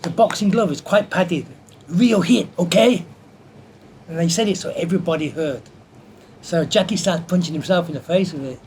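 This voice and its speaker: A man telling a lively anecdote from his film career in an interview, acting out the quoted voices as he goes. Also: fairly high pitch, fairly quick, slight background noise. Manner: animated anecdote teller who acts out quotes. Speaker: martial artist and film stunt performer. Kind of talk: storytelling in an interview.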